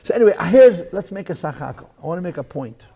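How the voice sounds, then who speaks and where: A man speaking as a rabbi, lecturing to listeners in a room, emphatic and repetitive, swinging between loud bursts and hushed lines. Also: high voice, very animated, fast. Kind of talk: lecture to a live audience.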